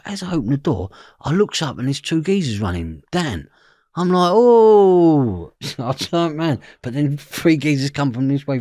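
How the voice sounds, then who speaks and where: A man's voice: medium pitch, slightly rough, no room sound, clean studio sound. A man with a London Cockney accent, telling a story as an interview guest, acting out the voices in his quotes and swearing freely. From East London, England.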